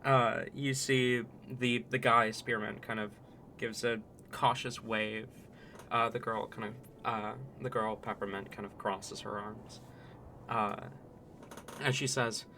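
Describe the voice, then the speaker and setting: A man narrating a tabletop role-playing game as game master, in a relaxed, hesitant way with many "kind of"s. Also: lowish voice, slow pace, a little hiss or hum.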